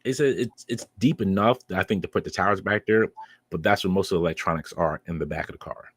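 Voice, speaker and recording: A man's voice: sits low, fast talker, a bit bright, breathy edge, no echo. A man co-hosting a podcast, recapping a convention in casual chat, rambling with many ums and laughs. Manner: rambling, filler-heavy, laughs while telling stories. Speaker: podcast co-host.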